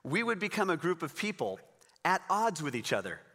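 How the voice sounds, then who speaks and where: Bright-voiced man preaching a sermon. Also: a little high, sing-song, brisk, big-room sound. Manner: conversational, encouraging preaching. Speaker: pastor.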